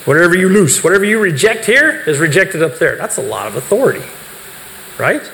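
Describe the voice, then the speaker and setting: With a high, gravelly, slightly bright voice and a sing-song delivery, a man speaks briskly to a youth group. He explains his points and poses questions to them, answering those questions himself. The setting is a reverberant hall with faint background noise.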